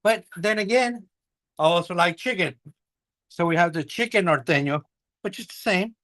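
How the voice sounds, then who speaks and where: High-voiced man, halting food talk. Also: fairly bright tone, no room sound, clean studio sound. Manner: halting, repeats words while listing ingredients. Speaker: restaurant owner. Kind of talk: casual chat on a live show.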